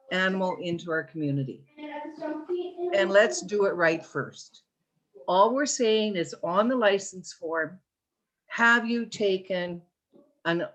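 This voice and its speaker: A woman town councillor making an insistent, emphatic case in a council meeting over a video call. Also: mid-range voice.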